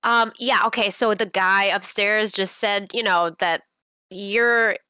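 A woman playing a tabletop role-playing game in character, giggly and excitable. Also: mid-range voice, clean tone, no echo, studio quality. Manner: giggly, excitable, quick to laugh.

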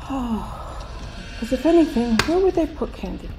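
A woman's voice: high voice, big pitch swings, slow pace, background noise. An older woman hosting a gaming channel, grumbling through a game with grumpy, sarcastic commentary.

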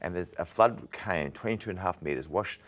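A man, an evangelist, giving an earnest, halting testimony in an interview, often repeating words as he talks. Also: low voice, fairly bright tone. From Australia. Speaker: evangelist guest.

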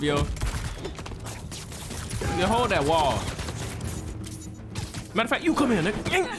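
A man giving casual let's-play commentary, excitable and full of slang, trash-talking enemies. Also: very high voice, slow pace, pauses often, music in the background. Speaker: gaming streamer.

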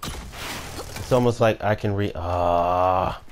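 A man's voice: sits low, very slow, slight background noise. A man commentating his own gameplay, swearing and ranting at teammates and opponents. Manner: profane trash-talking, ranting at teammates. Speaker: gamer.

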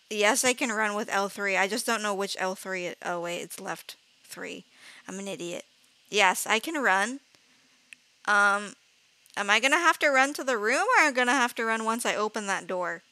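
A woman's voice: medium pitch, moderate pace, pushed and bright, smooth, no room sound. A woman streaming a horror game live, jumpy and easily frightened. She laughs nervously, shrieks when scared, swears casually and keeps apologizing to her viewers. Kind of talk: live gameplay commentary.

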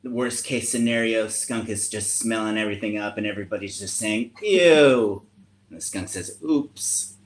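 A man reading a children's book aloud over a video call, playfully shifting his pitch for the animal voices. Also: little pitch movement, a little fast, hardly any pauses, echoey room. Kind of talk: storytime reading with chat.

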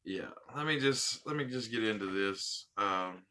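A man's voice: on the low side, animated, a little slow, pushed and bright, slight background noise. A man hosting a casual unboxing vlog, heartfelt and rambling, repeating his thanks. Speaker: vape channel host.

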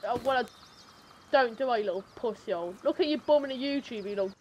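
Sweary taunting teen lad. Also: male voice, very high-pitched, expressive, quick pace, darkish tone. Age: teens. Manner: sweary, taunting, calls everyone mate. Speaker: hostile player in a game. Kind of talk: trash-talking voice chat.

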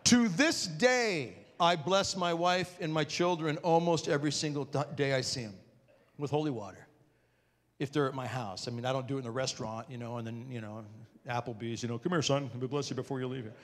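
A man giving a conference talk to an audience, telling a funny personal story in an animated, self-mocking way and acting out scenes. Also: medium pitch, fairly quick. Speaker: conference speaker. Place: large parish hall with an audience. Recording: reverberant hall.

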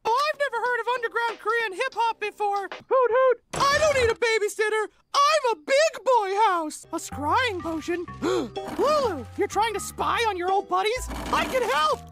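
A voice actor playing an overeager male owl-house creature in a cartoon, who shouts out cheerful, clingy exclamations and keeps hooting. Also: very high voice, animated, moderate pace, few pauses, over loud music. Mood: manic excitement. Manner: constant exclamations, punctuated by hooting. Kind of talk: animated cartoon voice acting. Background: loud cartoon score.

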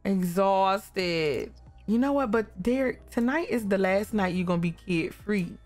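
A woman's voice: mid-range voice, moderate pace, soft background music. A woman casually commenting on her life-simulation game, talking to the characters and exclaiming at what they do. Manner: animated, exclaiming, talks to the characters. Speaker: gaming YouTuber.

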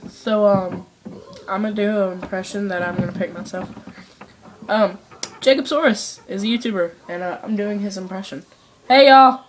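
A woman's voice: mid-range voice, moderate pace, slight background noise. A young woman chatting playfully as a guest in a home vlog. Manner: playful, lively, teasing. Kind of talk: casual chat.

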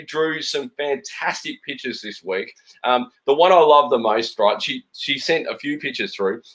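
A man's voice: mid-range voice, lively intonation, moderate pace, a bit bright. A middle-aged man with an Australian accent, a cartoonist chatting playfully while drawing live, with frequent ums. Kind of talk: live-stream drawing chat.

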